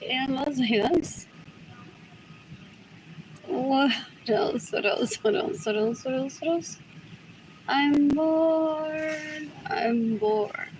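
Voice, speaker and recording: Higher-voiced woman muttering on a noisy live stream. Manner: repeats the same short question over and over, muttering; switches between English and Spanish mid-sentence. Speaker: livestreamer. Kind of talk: rambling livestream monologue. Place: her apartment.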